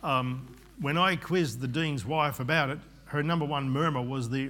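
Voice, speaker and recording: Middle-aged guy pastor giving a sermon, earnest, wanders off on asides, average pitch. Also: a bit bright. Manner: earnest, rambling with asides and restarts.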